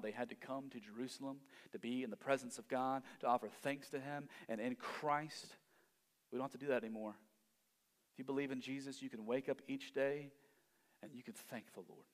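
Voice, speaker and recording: A man preaching a sermon. He swells to loud emphasis and then drops almost to a hush. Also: medium pitch, long reverb tail. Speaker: pastor.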